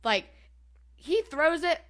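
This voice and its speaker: A woman's voice: high voice, lively intonation, slow pace, a bit bright. A woman co-hosting a podcast, talking eagerly and casually about a TV episode with lots of filler words. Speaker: podcast co-host. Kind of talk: casual chat reviewing a TV episode.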